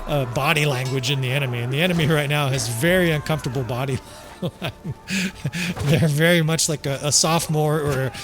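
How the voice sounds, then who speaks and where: A man's voice: a little high, moderate pace, over music. A man giving casual strategy game commentary, joking and swearing as he plays, chuckling often. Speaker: gameplay commentator.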